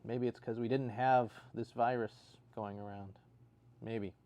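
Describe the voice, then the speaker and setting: A man's voice: mid-range voice, fairly even intonation, unhurried, darkish tone. Dry, sarcastic man hosting a livestream. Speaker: livestream host reading viewer comments. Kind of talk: casual chat.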